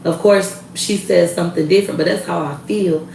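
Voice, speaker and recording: A woman in her thirties holds forth in a blunt, heated, profane rant with a low, gravelly edge to her voice. She sits a little back from the mic in an echoey room. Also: steady tone, a little fast, darkish tone, distant mic, a little hiss or hum. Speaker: vlogger. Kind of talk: casual rant to camera.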